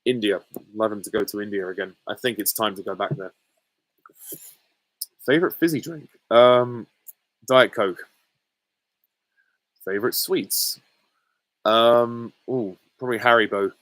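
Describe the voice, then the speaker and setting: A man answering viewer questions in a relaxed Q&A, thinking aloud with plenty of ums and pauses. His voice sits fairly low, and the sound is dry and close with little room echo. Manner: musing, hesitant, many fillers. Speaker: channel host. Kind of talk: casual Q&A with viewers.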